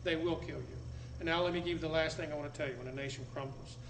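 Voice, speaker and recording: An American man lecturing a live audience in a blunt, dramatic way, with sudden loud bursts. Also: a little high, fairly even intonation, racing. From United States. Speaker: public speaker. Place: meeting room with an audience. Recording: echoey room, faint background noise.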